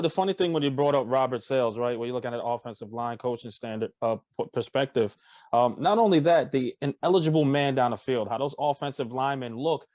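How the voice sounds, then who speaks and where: A man's voice: medium pitch, a little mellow, no echo, muffled recording. A man co-hosting a casual sports podcast, ranting emphatically about his team's players. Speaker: podcast co-host.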